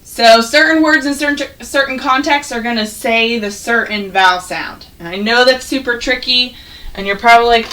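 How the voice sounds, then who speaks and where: A woman teaching first graders an online phonics lesson, patient and encouraging, sounding words out slowly. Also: a little high, bright, forceful tone, distant mic, low-quality recording.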